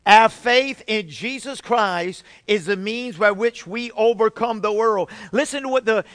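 A man's voice: high-pitched, a little slow, fairly bright tone, dry recording. A middle-aged male pastor preaching a sermon, building emphasis and calling out for amens from the congregation.

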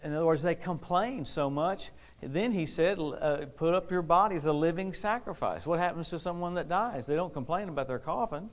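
Exuberant preacher man, slightly high voice. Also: brisk. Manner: exuberant, laughs often, repeats key phrases for emphasis. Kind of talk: lively sermon with anecdotes. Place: church service with a responding congregation.

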